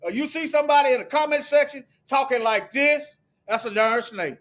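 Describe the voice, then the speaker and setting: A man delivering a heated, preachy monologue to his viewers, firing off repeated rhetorical questions and sometimes shouting. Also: very high voice, brisk. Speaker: video commentator.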